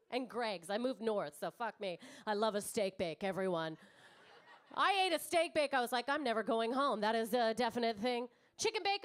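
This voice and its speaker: A woman in her thirties doing a brash, swearing stand-up comedy set on a club stage, chatting with the crowd. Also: on the high side. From Canada.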